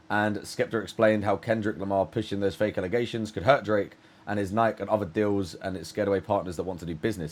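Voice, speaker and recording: A man from the UK hosting a reaction video, chatting casually and hesitantly with many restarts. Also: fairly low pitch. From United Kingdom. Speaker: reaction channel host.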